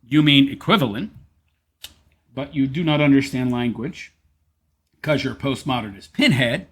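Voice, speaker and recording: A man's voice: medium pitch, moderate pace, a bit bright, husky. A man giving sarcastic, taunting reaction commentary on a debate clip, laughing often.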